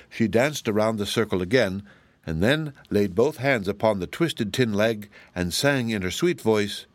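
A man reading a children's storybook aloud as a calm, measured audiobook narrator. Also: on the low side, dry recording. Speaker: audiobook reader.

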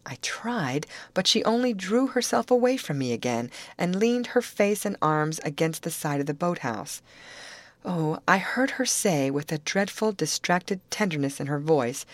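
A woman narrating a classic novel aloud in a measured, earnest storytelling manner. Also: sits low, sing-song, dry recording. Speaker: audiobook narrator.

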